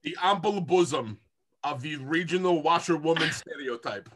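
A jokey, excitable player talking through a tabletop game. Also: mid-range voice, normal speed, slightly rough. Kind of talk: casual tabletop game play.

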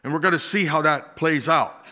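Male pastor, sermon; bright, somewhat high voice; slow emphatic delivery, folksy chuckling asides.

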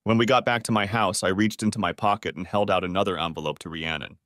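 A man narrating a dramatic first-person story in an expressive way, close to the mic. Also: deep voice, fast, no echo.

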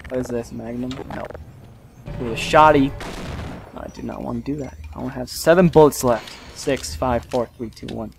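A man hosting a let's play, commenting live on gameplay with excitable, frustrated outbursts and swearing. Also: medium pitch, moderate pace, gravelly, faint music behind.

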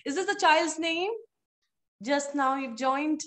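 A woman's voice: high-pitched, slow pace, a bit bright. A woman teaching a live online phonics class to young children, encouraging and playful in a sing-song way.

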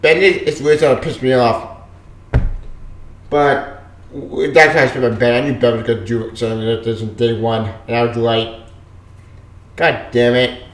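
A man's voice: medium pitch, fairly even intonation, normal speed, long pauses. Exasperated man ranting in an echoey room. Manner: frustrated, exasperated ranting with sudden loud outbursts. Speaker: comic book reviewer. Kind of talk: ranting video review.

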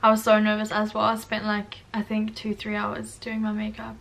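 A woman's voice: medium pitch, monotone, normal speed, creaky, fairly bright tone, recorded from a distance. A young woman from South Africa with a South African accent, chatting casually and self-mockingly in a vlog, laughing often. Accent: South African English. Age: young adult. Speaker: vlogger.

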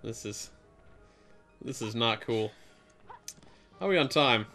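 A man hosting a casual let's play, telling stories in a loose, rambling way full of fillers. His voice sits at an ordinary middle pitch, with faint game music underneath. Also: slow pace, bright, forceful tone. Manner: rambling, filler-heavy storytelling. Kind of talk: casual gameplay chat.

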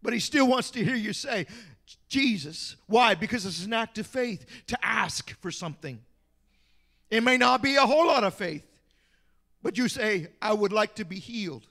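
A man's voice: high-pitched, animated, normal speed, vocal fry, bright, forceful tone. A male pastor preaching a sermon in church with an impassioned, repetitive cadence.

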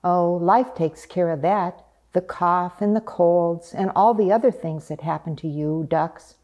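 A woman voicing a calm, kindly male figure of Death in a storybook reading, soft and patient. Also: on the low side, measured pace, lightly acted. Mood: gentle.

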